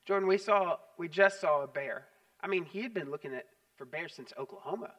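A man delivers a sermon in a high, bright tone. He tells stories with animated emphasis and repeats his points. The voice is picked up from some distance away. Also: brisk. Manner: animated storytelling, emphatic repetition. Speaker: pastor.

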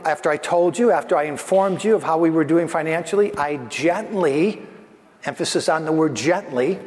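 High-voiced pastor preaching in a hall. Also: male voice. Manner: earnest, repeats phrases for emphasis. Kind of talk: sermon.

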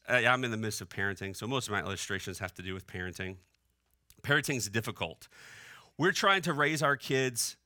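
Young male pastor, conversational sermon delivery, very bright tone, dry close sound. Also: mid-range voice, no echo. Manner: conversational preaching, asks the room "right?". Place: church hall.

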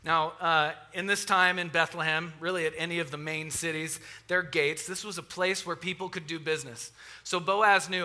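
A pastor delivering a sermon, retelling a story in a lively, conversational way with asides to the congregation. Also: male voice, on the high side, normal speed.

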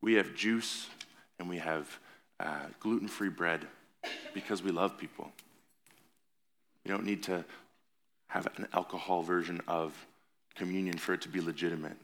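Pastor, male, very low voice, earnest conversational sermon delivery in a church. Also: fairly even intonation, moderate pace, long pauses, fairly bright tone. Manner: earnest, conversational preaching with rising emphasis. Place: church sanctuary.

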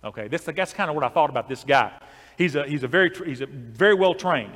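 A pastor telling a long story in a sermon, in a conversational way with many restarts. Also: male voice, on the high side, expressive, fast, a bit bright, in a large hall.

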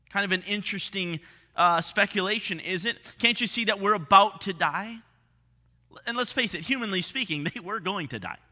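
A man preaching with a high, very bright voice that rings out in a hall with a long reverb tail. He moves from lively, emphatic lines down to hushed, low passages as he presses his point. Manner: expressive preaching, drops to hushed tones for emphasis. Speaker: pastor. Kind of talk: sermon.

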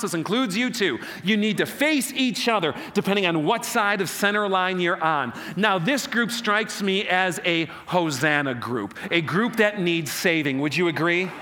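A man preaching a sermon as pastor, animated, rousing his congregation in call-and-response. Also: sits high, normal speed, hardly any pauses.

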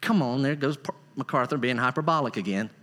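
A man preaching a sermon as a pastor, emphatic and rising into high, excited bursts. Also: fast. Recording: long reverb of a large hall.

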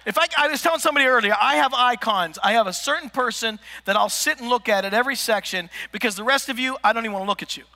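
A man preaching a comedic sermon, telling stories with lively asides to the congregation. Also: very high-pitched, very fast, few pauses. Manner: animated storytelling with asides to the congregation. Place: large church hall. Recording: echoey church hall.

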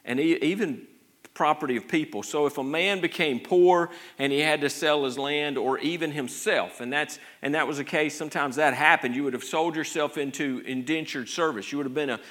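A man's voice: a little high, fairly bright tone. A man preaching a sermon with an earnest delivery, often repeating and restarting his words.

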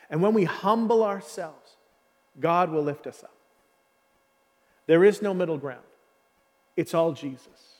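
A man preaching a sermon with passion, using repetition and dramatic pauses. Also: high voice, darkish tone, in a large hall. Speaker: pastor.

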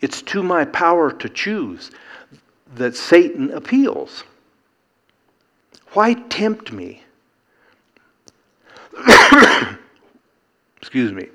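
A man's voice: on the high side, wildly swooping pitch, slow, pauses often, bright, forceful tone. A middle-aged man preaching a sermon, earnest and emphatic, building to rhetorical questions.

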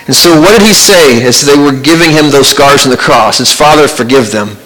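A man preaching a sermon as pastor, earnest and conversational, with pauses and restarts. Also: mid-range voice, fairly bright tone, low-quality recording.

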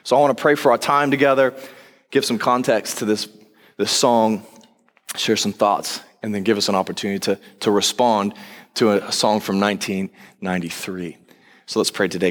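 A man preaching as a pastor, telling the story in a conversational, animated way and acting out quoted lines. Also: fairly low pitch, moderate pace. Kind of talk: sermon. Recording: long reverb of a large hall.

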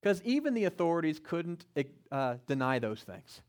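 A man preaching a sermon, acting out biblical figures in first person and building to loud, climactic stretches. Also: moderate pace. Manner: animated preacher, voice climbing louder and higher as he builds. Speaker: pastor.

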